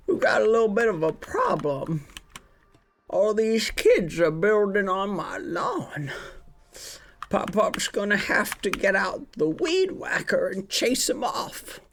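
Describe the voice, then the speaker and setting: Brief: shrill, crackly old grandpa, cranky and shouty. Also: male voice, full character voice. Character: grumpy old grandpa guarding his lawn.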